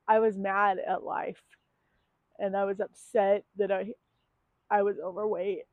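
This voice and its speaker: A woman's voice: mid-range voice, no room sound. Candid woman vlogger, tinny dry sound. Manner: candid and emotional, with frequent ums and likes. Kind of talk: personal confessional vlog.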